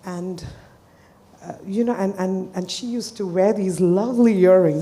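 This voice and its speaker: A woman therapist walks an audience through a client case in a mellow, warm voice. Her delivery is earnest and hesitant, with pauses as she gathers her thoughts. Her pitch sits in the middle of the range.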